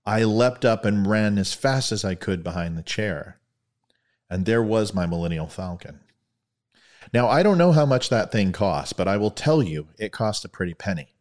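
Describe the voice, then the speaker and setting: A male podcast host talks casually and tells stories with animation, poking fun at himself. His voice is fairly low but swings widely in pitch. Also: moderate pace. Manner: animated, self-deprecating. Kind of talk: casual monologue and storytelling.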